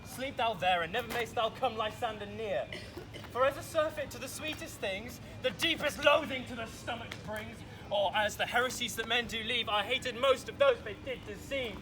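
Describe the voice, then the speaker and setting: A man playing the young lover Lysander in an outdoor stage production, delivering verse with passion and sometimes shouting. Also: extremely high pitch, normal speed, over music. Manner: impassioned, at times shouting. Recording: outdoor recording with clear background noise.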